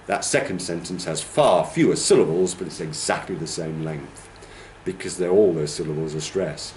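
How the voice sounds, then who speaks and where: A male teacher trainer lectures a class, explaining patiently, asking "okay?" to check in, and demonstrating rhythms by humming and counting. His low voice is a little mellow and moves at a moderate pace. The room sounds spacious, with a little hiss or hum.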